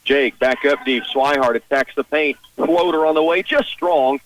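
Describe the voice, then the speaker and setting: A man's voice: on the high side, slight background noise. Man calling basketball on radio. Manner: rapid clipped play calls, rising at big shots. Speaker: play-by-play announcer. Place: high school gym broadcast position. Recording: broadcast radio, mic at a distance.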